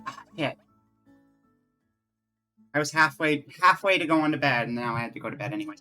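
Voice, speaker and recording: Chatty, rambling man with a bright voice. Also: fairly high pitch, lively intonation, fairly quick, faint music behind. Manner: rambling, chatty, self-mocking. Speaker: streamer. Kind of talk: casual live-stream chat while playing.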